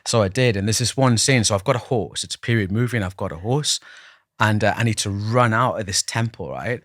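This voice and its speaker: Low-voiced man, dry sound. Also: brisk, fairly bright tone, no room sound. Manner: chatty, self-deprecating, many restarts. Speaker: podcast guest. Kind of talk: casual interview storytelling.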